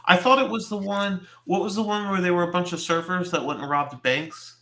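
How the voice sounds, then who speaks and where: A man's voice: high voice, fairly quick, bright, forceful tone. A man co-hosting a casual group chat on a livestream, joking and teasing the others. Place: home studio.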